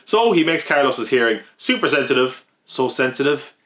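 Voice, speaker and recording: Brief: male podcast host, mid-pitched, wry scripted commentary with jokey asides. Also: lively intonation, moderate pace, a bit bright.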